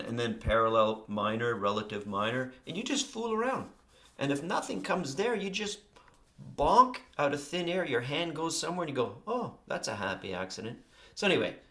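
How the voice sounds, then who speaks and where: Rambling low-voiced man explaining songwriting. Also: fairly bright tone. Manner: rambling, self-interrupting, musing asides. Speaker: songwriter explaining his process. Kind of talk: casual spoken walkthrough.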